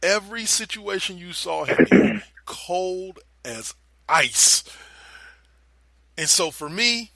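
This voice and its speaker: A young man co-hosting a podcast, retelling a TV scene in casual, animated chat and swearing freely. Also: high voice, slow, vocal fry, no echo. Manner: animated storyteller, swears freely, drops into quoted voices. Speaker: podcast co-host.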